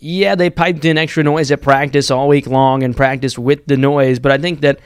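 A young man with a smooth, clear voice lays out his football analysis at an even, steady pace. He builds long, run-on points as he thinks aloud. The recording is dry and close. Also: medium pitch, moderate pace, no echo. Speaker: student sports podcast co-host. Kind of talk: sports analysis chat.

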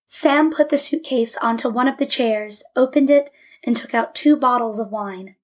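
Woman narrating a story, fairly high voice. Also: normal speed. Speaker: audiobook narrator.

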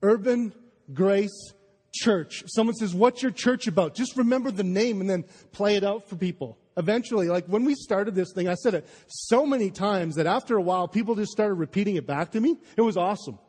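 Fired up pastor guy preaching, kinda high voice, lots of restarts, sounds like a big echoey church. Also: fairly quick, darkish tone, slightly rough. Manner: impassioned, emphatic, with stammering restarts. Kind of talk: sermon. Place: large church hall. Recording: live sermon in a reverberant hall.

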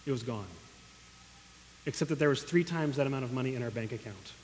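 A man's voice: mid-range voice, quick pace, darkish tone, slight background noise. Earnest male pastor in a reverberant hall. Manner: earnest, emotional, calls out to the congregation. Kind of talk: sermon. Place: church hall. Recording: long echo of a large hall.

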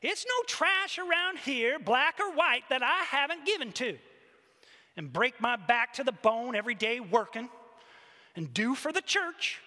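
A man voicing an indignant, self-righteous older woman who growls and rants loudly at God. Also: very high voice, lively intonation, a little slow, pitched above the performer's own voice, exaggerated voice. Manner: growling, ranting, loud. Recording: long hall reverb.

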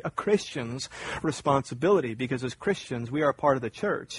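A man preaching a sermon with an emphatic style, repeating phrases and building to loud fervor. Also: mid-range voice, a little hiss or hum, poor audio. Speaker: pastor.

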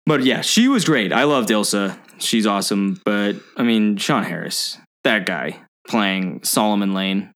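A man's voice: fairly low pitch, expressive, a little slow, hardly any pauses, fairly bright tone. A man co-hosting a movie podcast, chatting casually and enthusiastically with plenty of fillers. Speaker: podcast co-host.

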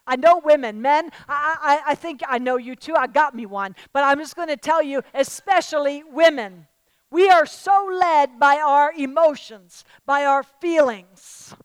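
A woman preaches a sermon to a live audience, speaking emphatically, calling out to listeners and rising to loud declarations. Her voice is high and unhurried, with no room sound.

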